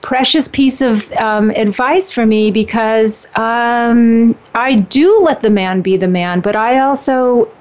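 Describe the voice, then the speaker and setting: A woman in her fifties talking casually about dating and relationships, animated and emphatic, often restarting her sentences. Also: on the high side, takes it slowly, few pauses. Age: 50s. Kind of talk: casual conversation. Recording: dull lo-fi sound.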